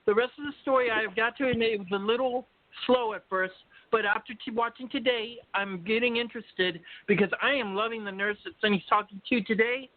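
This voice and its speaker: A man's voice: high-pitched, fairly even intonation, a little fast, no echo. A man co-hosting a casual soap opera chat, chatty and sharing story teasers. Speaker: co-host. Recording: tinny phone-line audio.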